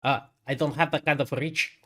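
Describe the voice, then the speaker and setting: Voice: medium pitch, normal speed. A tabletop game player chatting casually in a put-on Scottish accent, laughing often. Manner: lively, laughing.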